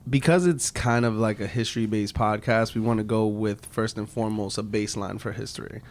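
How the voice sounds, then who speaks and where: A man's voice: lowish voice, fairly even intonation, brisk. A young man moderating a casual podcast chat in a laid-back, chatty way, with lots of filler words.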